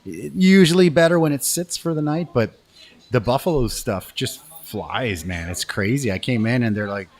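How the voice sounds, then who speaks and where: A man's voice: mid-range voice, expressive, normal speed, darkish tone. A man hosting a casual live show over food, laid-back and chatty, calling his guest brother. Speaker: host, restaurant owner.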